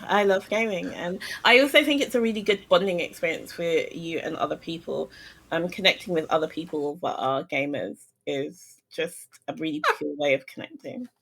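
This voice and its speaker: A woman guesting on a casual livestream talk show, playful and giggly, with halting starts. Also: low voice, gravelly, a bit bright. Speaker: guest streamer.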